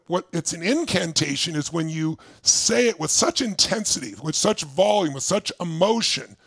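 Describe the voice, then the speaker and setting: An older man giving a motivational stage talk, telling his story with intensity, jumping between loud bursts and quiet asides. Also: high-pitched, gravelly, dry recording. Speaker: motivational speaker.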